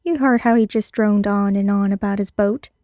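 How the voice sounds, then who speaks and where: A woman's voice: mid-range voice, fairly even intonation, normal speed, mellow, no echo, natural voice. A woman voicing Parker, a blunt, quirky female thief, in a read-aloud story.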